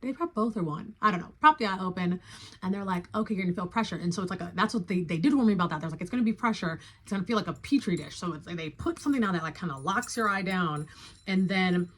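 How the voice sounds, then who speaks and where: A young adult woman telling a story in a casual, chatty way, acting out her own reactions with sudden high exclamations. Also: fast. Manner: animated, acts out her own reactions with big jumps in pitch; chatty and loose, full of "like" and "y'all".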